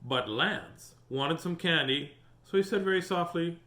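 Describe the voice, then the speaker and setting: A man's voice: a little high, a little slow. A man hosting a storytime, reading a picture book aloud and chatting with viewers. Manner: animated, chatty, greets viewers. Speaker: storytime host. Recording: roomy echo.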